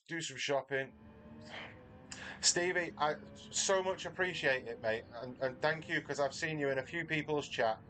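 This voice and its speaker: A livestreamer races from his home garage while chatting casually with his audience and joking at his own expense. He's a middle-aged Mancunian man with a medium-pitched, somewhat bright voice.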